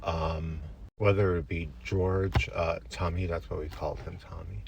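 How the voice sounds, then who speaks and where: Male storyteller, very low voice, dry deadpan delivery, faint room hum behind. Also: a little slow, creaky, dull audio. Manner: deadpan, rambling absurd tale. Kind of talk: comic storytelling to camera.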